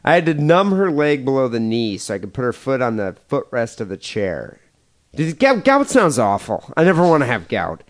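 A man's voice: medium pitch, normal speed. A man co-hosting a podcast, reading listener emails aloud in a loose, joking way after a few beers. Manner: animated, laughing, drinking beer.

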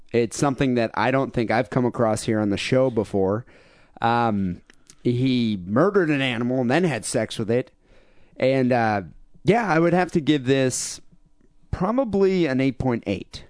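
A man's voice: mid-range voice, measured pace, darkish tone, clean tone, no room sound, studio quality. Rambling male podcast co-host. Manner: rambling, repeats words. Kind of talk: casual podcast chat.

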